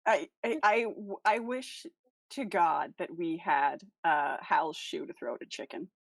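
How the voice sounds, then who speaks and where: A woman playing in a tabletop game, chatting and joking in an animated way. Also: lowish voice, a little slow, creaky, no room sound. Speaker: player. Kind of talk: casual chat during a tabletop game.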